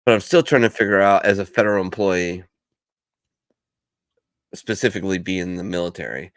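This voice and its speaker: A man's voice: low voice, a little fast. A man hosting a casual livestream, rambling with profane asides over a video call. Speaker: livestream host. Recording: dry close stream audio.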